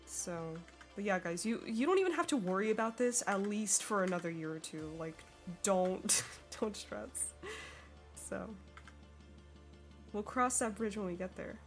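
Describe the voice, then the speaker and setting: A young woman with an American accent, chatting with her live-stream audience while she draws, bubbly and quick to laugh. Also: medium pitch, lively intonation, faint music behind. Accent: General American. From Sweden. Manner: bubbly, giggly, reads chat aloud. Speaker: artist streamer.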